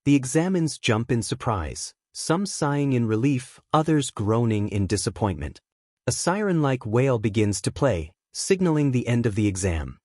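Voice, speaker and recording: A man narrating a fan-written story in a steady, even storytelling manner. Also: medium pitch, normal speed, no echo, clean studio sound. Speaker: fanfic narrator.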